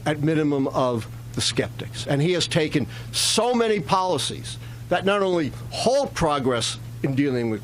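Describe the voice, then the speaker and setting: Casting: author type, man, slightly high voice, lecturing and emphatic. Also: a little hiss or hum. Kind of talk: interview clip.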